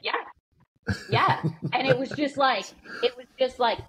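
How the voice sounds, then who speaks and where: A woman's voice: high-pitched, measured pace, a crowd in the background, low-quality recording. A woman in her thirties, a podcast guest telling her story candidly, swearing freely and acting out what other people said. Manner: swears freely, animated, acts out quoted people.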